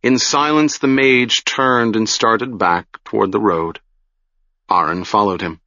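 Slow, deliberate male storyteller. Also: fairly low pitch, steady tone, bright, forceful tone, dry recording, lo-fi sound. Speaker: audiobook narrator. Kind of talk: scripted fantasy narration.

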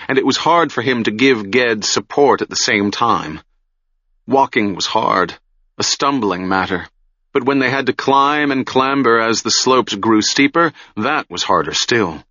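A man reading a fantasy novel aloud in a measured, solemn manner, recorded close on a dry mic with a dull lo-fi sound. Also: lowish voice, pushed and bright, no echo. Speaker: audiobook narrator. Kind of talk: scripted fantasy narration.

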